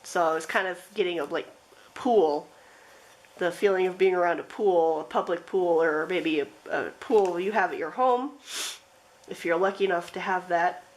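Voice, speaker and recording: A woman giving a pick-a-card tarot reading, talking in a gentle, rambling way with lots of fillers. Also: on the low side, normal speed, rough recording. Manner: rambling, gentle, with frequent fillers and soft laughs. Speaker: tarot reader.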